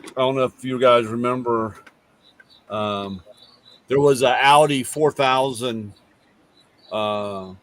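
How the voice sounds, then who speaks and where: A man's voice: medium pitch, slow pace, long pauses. A middle-aged man hosting a casual talk, rambling through a garage story and acting out both sides of the conversation. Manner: rambling, animated retelling with quoted dialogue. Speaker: host.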